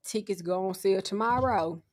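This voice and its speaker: A woman talks on a casual podcast in a wry, joking way. Her voice sits in an ordinary middle pitch, and she draws out her stories. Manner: wry, joking, drawn-out storytelling. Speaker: podcast co-host.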